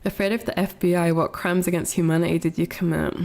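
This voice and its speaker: A woman's voice: on the low side, flat delivery, fast, few pauses, a little mellow. A woman VTuber streamer in casual chat, reading viewer messages aloud, rambling and self-conscious with many restarts.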